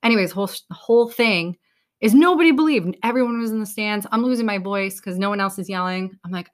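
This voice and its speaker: A woman's voice: mid-range voice, a little fast. Young new woman, peppy motivational podcast talk, casual, swears a bit. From New England. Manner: upbeat, casual, swears now and then. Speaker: podcast host.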